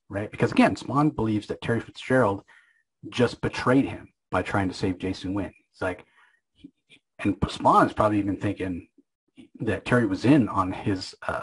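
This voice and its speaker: A man's voice: fairly low pitch, slightly rough, rough recording. A man casually recapping a comic book issue, rambling and opinionated, with lots of filler words.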